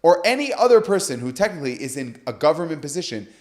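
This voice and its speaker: A man's voice: a little high, sing-song, quick pace, darkish tone. A man on a podcast, telling a story with animation and acting out the quoted dialogue. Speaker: guest speaker.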